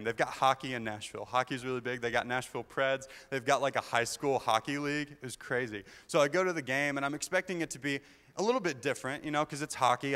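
A man's voice: medium pitch, a bit bright. A young man from Kentucky doing a chatty stand-up set as emcee on a theater stage, with self-deprecating jokes and mock official voices. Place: live theater stage with an audience. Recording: long hall reverb from a theater stage.

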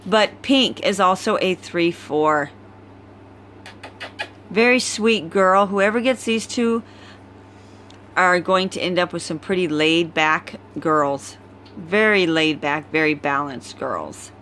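A tired dog breeder casually shows off a litter of puppies at home, filming on her phone. Her voice is fairly low, expressive and fairly bright, and she talks in a slow, easygoing, chatty way over slight background noise.

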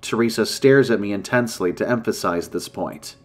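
A man narrating a scripted scary campfire story in a steady, measured way. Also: on the low side, faint music behind.

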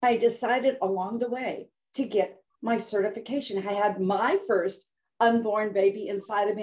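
A woman's voice: mid-range voice, steady tone, moderate pace, darkish tone. An older woman guest on an interview show, telling her story in a dramatic, inspirational way. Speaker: guest health coach.

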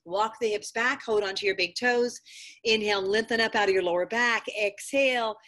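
A woman's voice: mid-range voice, normal speed, a bit bright. A middle-aged woman teaching a live yoga class, giving firm step-by-step cues and encouraging students by name. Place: yoga studio.

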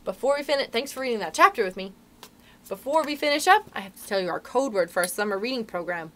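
Young woman, librarian, children's read-aloud, bright voice, fairly high, expressive storytelling. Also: fast talker.

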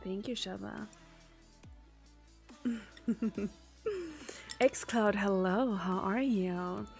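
A woman's voice: mid-range voice, steady tone, extremely slow, creaky, soft background music. A woman streamer in casual chat with her viewers. She is chatty, swears often and trails off with fillers.

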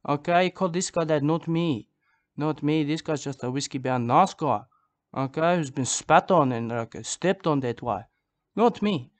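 A man's voice: on the high side, no echo. An older man, repeating himself in a boastful, mock-serious comedic monologue. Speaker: comedic vlogger.

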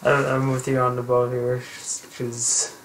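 Slow, halting young man. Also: medium pitch, completely flat delivery, slight background noise, low-quality recording. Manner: halting, many ums and uhs. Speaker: podcast host. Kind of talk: casual chat while gaming.

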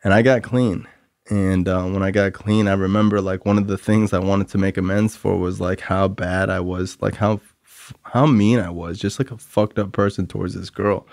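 A young man with a gravelly, low voice tells his story in a loose, rambling way, packing his sentences with fillers. He is candid and hard on himself. The sound is close and dry, with no room echo. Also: steady tone, moderate pace, a little mellow. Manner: candid and self-critical. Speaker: podcast host sharing recovery story. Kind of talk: casual storytelling monologue.

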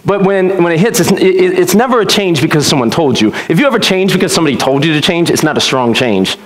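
Male pastor, sermon; animated storyteller, pitch swings widely, roomy church sound. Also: fast talker. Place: church sanctuary. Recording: echoey church room.

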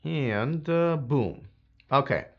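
A man hosting a live stream, chatting casually with lots of fillers and restarts, his voice a bit hoarse from a sore throat. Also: fairly high pitch, animated, drawn-out words, muffled recording. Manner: rambling, many fillers and restarts. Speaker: livestream host.

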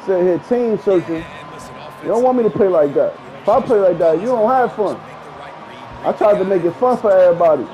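A man streaming a football video game, trash-talking loudly and boastfully with plenty of profanity. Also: sits high, lively intonation, a little fast, muffled recording. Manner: boastful, profane, loud, laughs a lot. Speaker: gaming streamer. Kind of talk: loud trash-talking gameplay commentary.

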